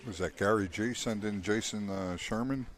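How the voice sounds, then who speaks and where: Low-voiced man on pool commentary. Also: moderate pace. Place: pool hall.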